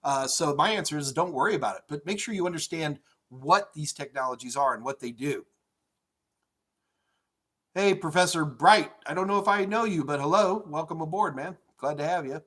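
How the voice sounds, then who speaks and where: A middle-aged man teaching IT certification topics in a live-stream Q&A from his home office, energetic and chatty, rambling with plenty of fillers. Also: fairly high pitch, moderate pace. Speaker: IT certification instructor.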